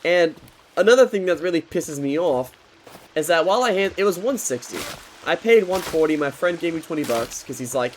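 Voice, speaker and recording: A man's voice: a little high, lively intonation, brisk, slight background noise. A young man in his twenties telling a frustrated, swearing story in a loose, casual rant while he plays a game. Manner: frustrated, swears often, talks loosely with restarts.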